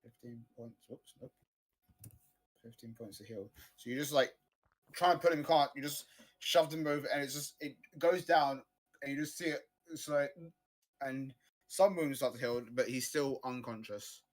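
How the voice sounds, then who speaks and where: A man at a middle pitch runs a tabletop game session. He describes the action in an easygoing, improvised way. He speaks into a close desk mic for a livestream. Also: moderate pace. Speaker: game master.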